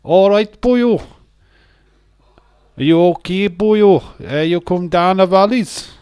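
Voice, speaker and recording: Man putting on a high sing-song Welsh valleys bloke. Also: takes it slowly, smooth, no room sound, studio quality. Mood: chummy. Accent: mock Welsh. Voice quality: high, loud, overdone stereotype.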